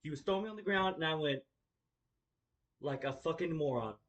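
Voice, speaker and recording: A man's voice: fairly high pitch, lively intonation, brisk, fairly bright tone, muffled recording. A young man telling a storytime vlog in a casual, rambling way, with lots of fillers, restarts and swearing, acting the story out as he talks. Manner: acts out the story with gestures. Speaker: vlogger.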